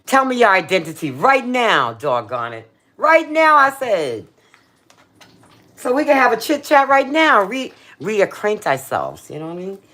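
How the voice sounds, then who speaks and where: Woman, livestream cooking host, chatty and playful, very animated pitch, phone mic in a home kitchen. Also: unhurried. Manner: chatty and playful, talks straight to her viewers, Southern slang. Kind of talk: casual livestream chat while cooking.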